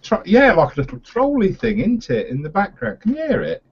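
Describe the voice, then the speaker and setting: A man's voice: high-pitched, big pitch swings, a little fast, breathy edge. Easygoing man on a dull video call. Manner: matter-of-fact, helps others with the call setup. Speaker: panelist on a home-brewing online hangout. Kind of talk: casual chat on a group video call.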